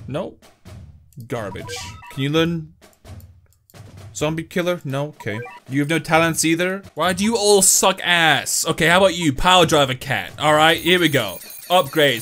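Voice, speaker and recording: A man's voice: sits high, bright, forceful tone. A young man giving gameplay commentary, ranting, swearing and joking about his losses. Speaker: game commentator.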